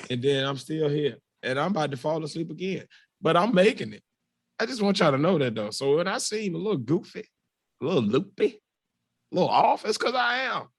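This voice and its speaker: A man's voice: a little high, dry recording, studio quality. A tired man co-hosting a podcast in casual chat, loose and joking, laughing often and swearing freely. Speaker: podcast co-host.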